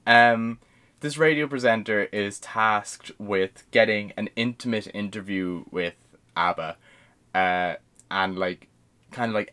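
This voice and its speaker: A man's voice: low-pitched, fairly bright tone. A man co-hosting a podcast in casual chat, rambling and swearing freely with lots of fillers and restarts. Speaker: podcast co-host.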